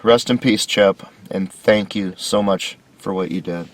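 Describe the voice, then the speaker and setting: A man's voice: deep voice, measured pace. A man hosting a solo commentary lecture, talking with sarcastic, mocking emphasis. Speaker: video series host.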